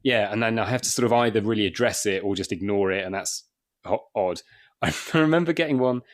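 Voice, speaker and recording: Comedian guy in his 40s from wakefield, lowish voice, talks fast, rambly stories with lots of restarts. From Wakefield, England. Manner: rambling anecdotal storytelling with restarts and chuckles. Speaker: guest comedian. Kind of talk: casual podcast chat.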